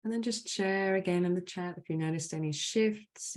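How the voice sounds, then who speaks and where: A woman, acting as a spiritual mentor who guides a group call in a gentle, soothing, affirming way and often adds "right?". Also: on the low side, normal speed, hardly any pauses. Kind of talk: guided group clearing session. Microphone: online video call.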